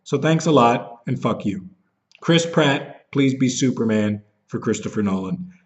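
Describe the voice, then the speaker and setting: A man's voice: medium pitch, lively intonation, unhurried. Angry ranting man, slightly dull recording. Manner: bitter, profane, jumps into mocking voices when he is upset. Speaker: vlogger. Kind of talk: angry rant to camera.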